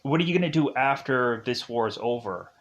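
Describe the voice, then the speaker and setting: A man's voice: medium pitch, animated, brisk, a bit bright, muffled recording. A man voicing a kind male army captain, casual and offhand with fillers, near his own voice.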